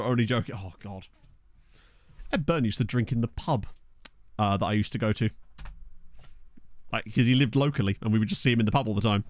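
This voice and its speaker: A streamer talks to his live chat from a cramped bedroom, rambling and laughing as he tells stories. His pitch bounces around a lot, and the close desk mic sounds dry with no room echo. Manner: animated, rambling storyteller who laughs often. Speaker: streamer playing a football management game. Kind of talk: casual chat with live viewers. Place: small bedroom. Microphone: desk USB microphone.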